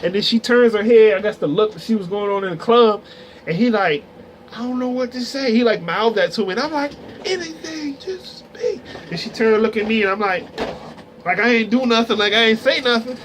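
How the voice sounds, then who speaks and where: A young man with a notably high voice tells a funny story straight to his camera. He talks casually and animatedly, with loose slang and fillers. Faint room noise sits under the voice. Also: fast. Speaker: vlogger. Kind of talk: storytime vlog.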